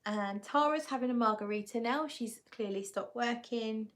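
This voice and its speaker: A woman's voice: a little high, normal speed. Chatty woman hosting a livestream. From England. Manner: chatty, reads viewer comments aloud and answers them. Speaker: livestream host reviewing perfumes. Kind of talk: casual live chat.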